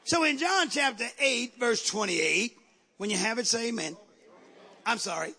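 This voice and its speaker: A man preaching a sermon in a church, calling out to the congregation and rising to shouts. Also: very high-pitched, expressive, moderate pace, gravelly, husky. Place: church sanctuary.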